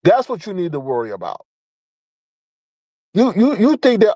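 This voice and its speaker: High-voiced man ranting bluntly. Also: wildly swooping pitch, normal speed, long pauses, dark tone, no echo, poor audio. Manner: blunt, profane, repeats points for emphasis; scolding, mocking. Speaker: online commentator. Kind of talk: ranting commentary.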